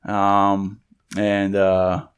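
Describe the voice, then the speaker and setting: A young man co-hosting a podcast, casually telling a rambling, excited story and acting out the voices of the people in it. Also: fairly low pitch, drawn-out words, smooth. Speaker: podcast co-host. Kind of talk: casual chat.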